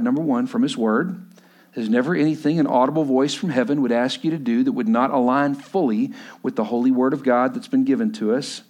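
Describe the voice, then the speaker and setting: A man's voice: mid-range voice, darkish tone. A man preaching a sermon with emphasis, often repeating his key lines for the congregation. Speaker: pastor.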